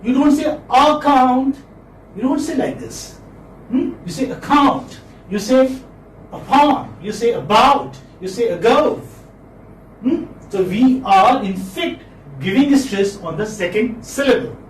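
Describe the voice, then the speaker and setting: A man lecturing a class on phonetics, repeating words slowly and checking in with students with a questioning "hmm?". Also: very high-pitched, animated, darkish tone, recorded from a distance. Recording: echoey room, mic from afar, faint noise.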